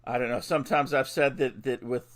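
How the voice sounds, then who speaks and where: A man hosting a radio interview, chatty and telling stories with quick casual asides. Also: mid-range voice, fairly even intonation. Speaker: radio show host.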